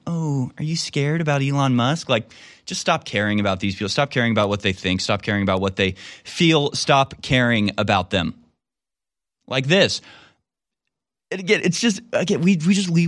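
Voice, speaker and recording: A man hosting a talk radio show, delivering a sarcastic, ranting monologue in a conversational way. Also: fairly high pitch.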